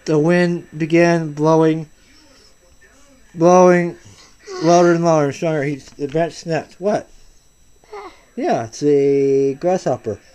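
A man reading a picture book aloud to his child, soft and patient, often stopping and restarting words. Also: fairly high pitch, steady tone, takes it slowly, pauses often, smooth.

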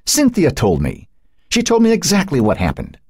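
A man voicing a sharp-tongued old woman with a crackling voice, insistent and accusing, in an audiobook. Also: on the high side, wildly swooping pitch, normal speed, breathy edge, no echo, clean studio sound, pitched above the performer's own voice, heavily acted. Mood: stubborn. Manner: insistent, piping. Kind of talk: audiobook character voice.

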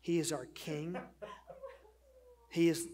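A man's voice: on the high side, fairly even intonation, slow pace, a crowd in the background. A middle-aged man who is a pastor, preaching a sermon in an earnest way, with rhetorical questions and conversational asides.

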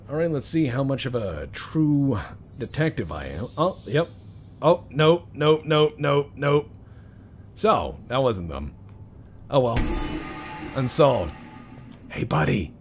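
Man joking through a game, lively pitch. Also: slow, vocal fry, long pauses, slight background noise. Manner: joking, mutters to himself. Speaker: let's-play gamer. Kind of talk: casual game commentary.

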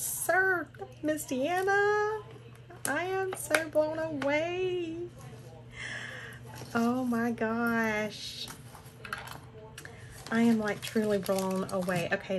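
An older woman opens mail on her crafting channel, gushing and gasping over each piece in an unhurried drawl. A steady hiss of background noise sits under her voice in this home recording. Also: medium pitch. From southern United States. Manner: gushing, breathless exclamations and gasps. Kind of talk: unboxing vlog.

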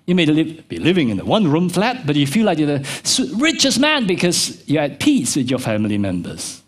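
A middle-aged man preaching a sermon as pastor, swinging between soft low asides and high emphatic peaks. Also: a little fast. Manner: animated preaching, pitch jumping from low to high. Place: church.

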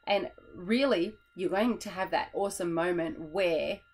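Brief: tired woman teacher, chatty, lowish voice, acts out kids. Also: unhurried, slightly rough, rough recording. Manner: chatty, demonstrates classroom voices, laughs at herself. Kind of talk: teacher explaining a classroom method.

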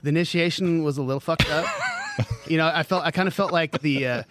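A man's voice: a little high, fast, music in the background. A man in his thirties chatting on a podcast as the new co-host, laid-back and swearing freely. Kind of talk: casual chat.

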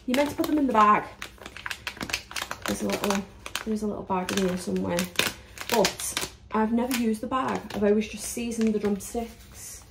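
A woman's voice: on the high side, heavy background noise. A woman chatting casually through her cooking prep in a home kitchen, matter-of-fact and full of fillers. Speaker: family vlogger. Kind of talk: casual vlog narration while cooking.

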